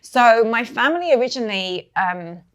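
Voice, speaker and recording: A middle-aged woman with an English accent, a native Maltese speaker, chatting as a guest coach with animated storytelling. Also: a little high, moderate pace, clear, resonant tone. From England. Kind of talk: conversational interview.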